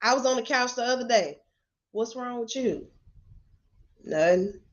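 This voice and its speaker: Unfiltered motivational lady cussing and laughing on a live, kinda high voice, muffled stream sound. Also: measured pace. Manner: blunt, profane, laughs often. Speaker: motivational speaker. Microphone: webcam or phone camera.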